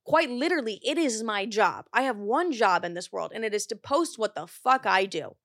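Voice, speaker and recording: A woman hosting a podcast in casual chat, talking fast and loose with lots of "like" and swearing, and getting heated as she tells a story. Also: a little high, animated, a bit bright, no echo, studio quality. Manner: chatty, profane, heavy use of "like"; gets heated while telling a story. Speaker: podcast host.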